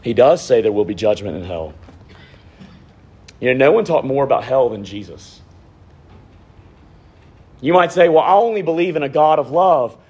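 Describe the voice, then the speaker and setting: A man in his thirties, a pastor preaching a sermon, swinging from raised emphasis down to hushed, near-whispered lines. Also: medium pitch, big pitch swings, moderate pace, long pauses, husky, lo-fi sound.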